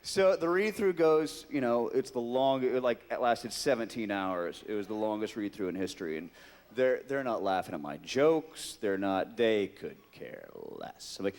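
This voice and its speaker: A middle-aged man telling an animated story to a convention audience, jumping into high squeaky voices to act out the people in it. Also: moderate pace. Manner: animated, mimics voices in his anecdote. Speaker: convention guest actor. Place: large convention hall. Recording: long hall reverb.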